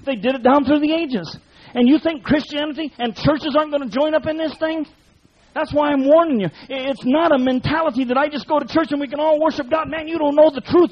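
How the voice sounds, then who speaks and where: A man's voice: very high-pitched, brisk. A man preaching a sermon in a fiery, folksy way, full of colloquial speech. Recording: dull lo-fi recording.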